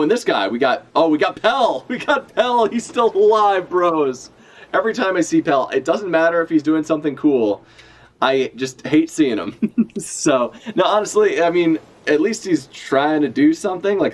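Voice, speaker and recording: Man, live reaction streamer, casual and profane, animated, mid pitch. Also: normal speed. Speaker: streamer reacting to a manga chapter.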